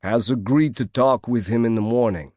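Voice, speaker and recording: A man puts on a burly bodyguard with a Brooklyn accent, gruff and short with people. He growls his words out, clipped and flat. The recording is dry and close. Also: medium pitch, normal speed, no echo, close to an everyday voice. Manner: growling, curt.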